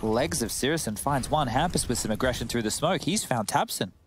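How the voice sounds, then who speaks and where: A man commentating esports, calling the action and breaking down plays in a steady, analytical way with dry jokes. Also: medium pitch, a little fast, noisy background. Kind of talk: live esports play-by-play and analysis.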